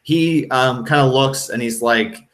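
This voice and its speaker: Slow bright-voiced man running a tabletop game. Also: mid-range voice. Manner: hesitant, many ums and restarts. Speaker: game master.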